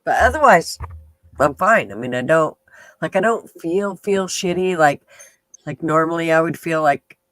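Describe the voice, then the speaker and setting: On a dry recording, a stuffed-up podcast host rambles through a casual livestream, chatting and swearing offhandedly. His nasal voice runs on the high side, expressive and fairly bright, at a moderate pace.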